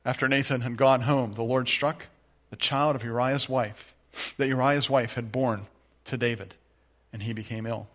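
A middle-aged man preaching a sermon as pastor, moving from quiet, conversational storytelling to emphatic, rising declarations. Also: medium pitch, steady tone, normal speed.

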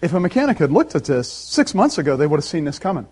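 A man's voice: fairly high pitch, very animated, quick pace, darkish tone, breathy edge. A man voicing a matter-of-fact male car mechanic who speaks bluntly.

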